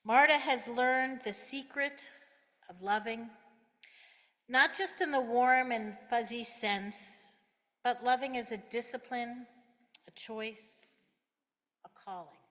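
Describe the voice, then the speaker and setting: A middle-aged woman minister preaching a sermon, measured and emphatic, with deliberate pauses. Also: a little high, fairly bright tone. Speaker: guest minister. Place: church sanctuary. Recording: reverberant sanctuary sound.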